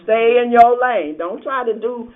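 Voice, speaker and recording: A man teaching a lively Sunday school Bible class, quizzing the group and laughing often. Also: very high voice, measured pace, a crowd in the background. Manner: animated, asks the class questions and laughs often. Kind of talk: interactive Bible lesson. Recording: tinny phone-like sound.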